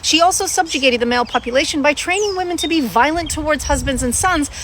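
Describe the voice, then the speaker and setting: High-voiced woman with dry, sardonic delivery. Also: quick pace, fairly bright tone, a little hiss or hum. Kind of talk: fact narration to camera.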